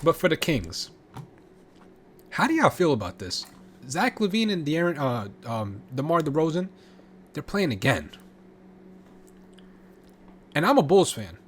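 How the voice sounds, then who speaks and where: A man vlogging his reaction to sports trades, talking casually with excitable, profane rants and frequent restarts. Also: a little high, a little slow, long pauses, a little hiss or hum.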